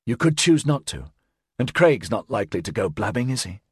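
A man's voice: fairly low pitch, big pitch swings, fairly quick, breathy edge, no echo, studio quality, full character voice. Bella, a man voicing an earnest pleading woman. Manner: earnest, persuasive, soft-spoken.

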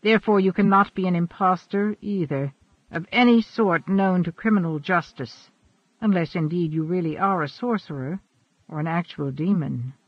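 A man voicing a shrewd, guarded older cardinal who speaks in a quiet, probing and formal way. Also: high-pitched, normal speed, no echo. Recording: dry, dull lo-fi.

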